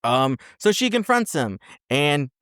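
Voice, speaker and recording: Animated man recapping a film. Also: on the high side, takes it slowly, clear, resonant tone, dry recording, studio quality. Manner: animated storyteller, acts out characters with exaggerated voices. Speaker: podcast co-host. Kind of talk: casual film review chat.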